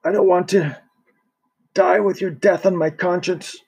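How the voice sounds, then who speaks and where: A man's voice: high voice, fairly even intonation, measured pace, gravelly, a little mellow, slightly rough, voice pushed up, full character voice. A man voicing a bitter, dying old man who speaks weakly between coughs in an audiobook reading. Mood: bitter, weary. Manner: weak, coughing, curt. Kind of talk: audiobook character voice.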